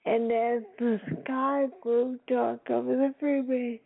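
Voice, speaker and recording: Female storyteller host, high voice, very slow careful reading, lo-fi phone-like recording with faint hiss. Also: little pitch movement, vocal fry. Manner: slow, careful read-aloud delivery. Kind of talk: reading a children's story aloud.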